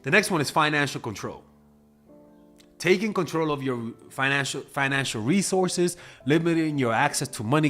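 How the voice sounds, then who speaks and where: A dating coach gives blunt, casual advice in a monologue, swearing freely and acting out quoted exchanges in a raised voice. His mid-range voice is animated and a bit bright, at normal speed, with soft music playing behind him.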